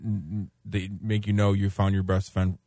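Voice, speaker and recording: A man co-hosting a radio talk show, relaxed and a bit hesitant. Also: sits low, normal speed, no echo, studio quality.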